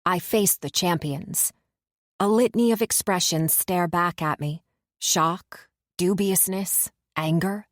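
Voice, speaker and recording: Audiobook narrator: woman, lower register, measured first-person reading, dry booth. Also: no room sound.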